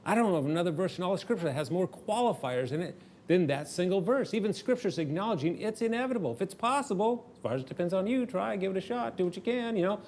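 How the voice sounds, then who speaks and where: A man with a fairly high voice co-hosts a counseling talk, telling stories with plenty of laughter before he shifts into teaching. A faint ambient hiss sits under his voice. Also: fast talker. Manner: animated, laughing storyteller. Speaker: marriage counselor and co-host. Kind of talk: storytelling teaching session.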